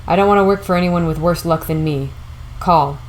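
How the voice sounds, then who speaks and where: A woman reading the lines of a guarded, quiet young male ex-convict in an audiobook, with a flat, understated delivery. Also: fairly low pitch, a little fast, a little hiss or hum, close to an everyday voice, rough recording. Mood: deadpan.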